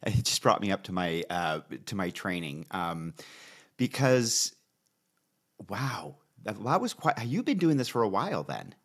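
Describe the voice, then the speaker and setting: A man's voice: lowish voice, very animated, a little slow, breathy edge. A man in his fifties interviewing a guest, cutting in with questions. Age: 50s. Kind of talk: casual interview chat.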